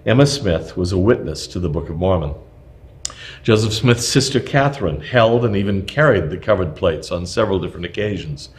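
A man narrating a nonfiction history text aloud, reading at a measured, even pace. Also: low-pitched.

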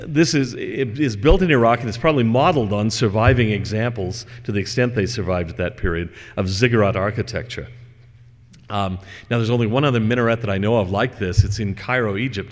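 A man giving a conversational religious lecture, telling stories and wandering through asides with fillers. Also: on the low side. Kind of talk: lecture with storytelling. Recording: long hall reverb.

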